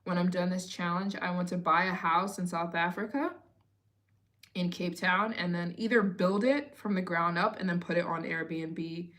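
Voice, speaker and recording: A young woman in her late twenties hosts a live Q&A stream, chatting casually. Her voice sits a little low for a woman. She tells her stories in a loose, expressive way. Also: normal speed. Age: 20s. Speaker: travel vlogger hosting a live Q&A.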